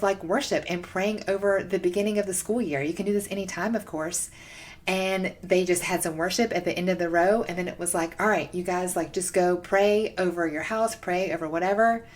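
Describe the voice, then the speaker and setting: A young woman hosting a faith podcast, telling stories in a casual, excited way with lots of "like". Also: mid-range voice. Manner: excited, gushing, heavy use of "like". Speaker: podcast host.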